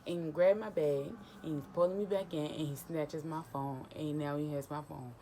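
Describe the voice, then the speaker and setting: Young woman, low voice, casual storytime vlog, animated emotional retelling. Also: moderate pace, a little hiss or hum. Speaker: vlogger telling a story.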